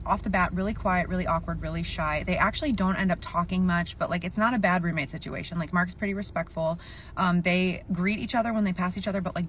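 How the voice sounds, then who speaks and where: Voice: medium pitch, fairly bright tone, slight background noise. A storyteller recounting a reader's story in casual storytime narration, chatty and full of "like". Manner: chatty, peppered with "like".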